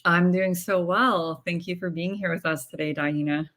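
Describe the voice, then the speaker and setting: A woman co-hosting a spiritual podcast, asking questions in a measured, earnest way. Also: on the low side, fairly even intonation, a bit bright. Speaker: podcast co-host, interviewer. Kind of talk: interview questions.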